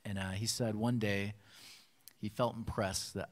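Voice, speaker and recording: A man preaching a sermon, telling a story and acting out its voices with lively bursts. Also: lowish voice, a little slow. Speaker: pastor.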